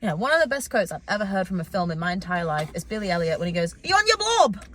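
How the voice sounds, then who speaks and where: A woman's voice: fairly low pitch, rapid-fire, fairly bright tone. A young woman from Britain co-hosting a casual podcast chat, blunt, teasing and dramatic. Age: young adult. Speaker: podcast co-host.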